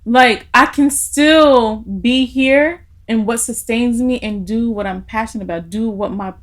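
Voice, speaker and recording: A woman's voice: on the high side, a little slow. Emotional young woman telling a story. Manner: emotional storytelling, laughing through tears. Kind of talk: casual podcast conversation.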